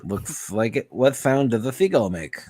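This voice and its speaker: A man's voice: medium pitch, big pitch swings, normal speed, dark tone, slightly rough. A man chatting casually on a livestream, giving rambling tips with many fillers and reading search results aloud. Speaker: guest giving advice.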